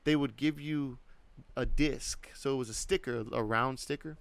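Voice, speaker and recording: A man in his thirties with a smooth, clear voice, recorded dry and close with no room sound. He rambles through a story in loose podcast chat, leaning hard on "like" and swearing freely. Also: mid-range voice, normal speed, no echo. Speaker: podcast co-host.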